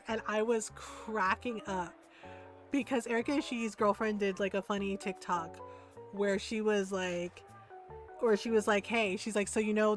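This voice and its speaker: A middle-aged woman streaming a game, chatting casually with many fillers and frequent laughs. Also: mid-range voice. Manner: chatty, laughs often, full of fillers and restarts. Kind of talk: casual gaming stream chat.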